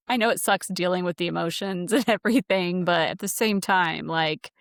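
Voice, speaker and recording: Podcast cohost lady, low gravelly voice, chatty, laughs a lot, dry sound. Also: moderate pace, dry recording. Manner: chatty, laughs between phrases. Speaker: podcast co-host. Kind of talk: casual podcast chat.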